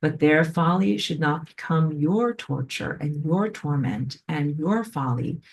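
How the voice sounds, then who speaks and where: A woman giving a spiritual class lecture in an animated way, filled with frequent "like". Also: low voice. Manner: animated, acts out quoted voices, frequent "like". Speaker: spiritual teacher.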